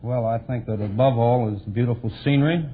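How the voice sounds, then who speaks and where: A man's voice: medium pitch, fairly quick, phone-quality sound, slight background noise. A man from Denver, a quiz show contestant giving polite, hesitant short replies on a 1950 radio broadcast. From Denver, Colorado.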